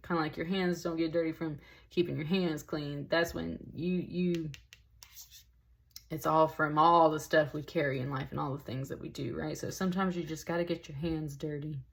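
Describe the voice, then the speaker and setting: A woman's voice: low-pitched, steady tone, normal speed, gravelly. A woman giving a casual, rambling tarot reading, emotional and a little tearful, full of "like" and "y'all". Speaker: tarot reader.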